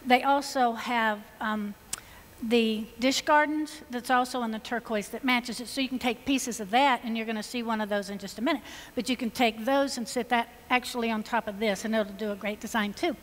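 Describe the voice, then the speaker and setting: A woman's voice: on the high side, steady tone, normal speed, slight background noise. Chatty Southern woman with a Georgia accent. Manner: chatty, enthusiastic, folksy. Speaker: floral designer presenting on stage. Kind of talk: live stage design demonstration. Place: stage at a symposium in a large hall. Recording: long reverb of a large hall.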